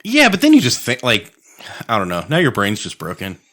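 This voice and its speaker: A man's voice: medium pitch, huge pitch swings, brisk, bright, forceful tone. A man co-hosting a podcast, chatting casually over drinks, profane and laughing as he rambles. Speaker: podcast co-host.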